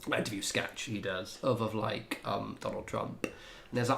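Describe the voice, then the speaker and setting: A man's voice: lowish voice, steady tone, normal speed, gravelly, a bit bright. A man chatting casually to his viewers while he plays a game on a livestream, laid-back, laughing often and swearing freely. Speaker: game streamer.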